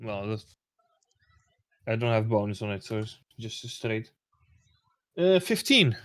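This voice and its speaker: A man playing a tabletop role-playing game, speaking hesitantly with halting restarts. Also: on the low side, sing-song, fairly bright tone, no echo. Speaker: player. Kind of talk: casual tabletop game play.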